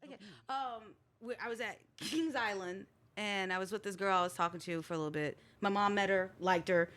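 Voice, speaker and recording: A woman therapist, a podcast guest, telling personal stories in a candid, expressive way and often laughing as she talks. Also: medium pitch, fairly quick. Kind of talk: candid storytelling in a group chat.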